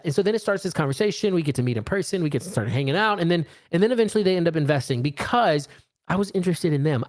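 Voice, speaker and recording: A man in his late thirties giving a casual live-streamed business talk, acting out little dialogues as he goes. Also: a little high. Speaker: real estate investor and speaker.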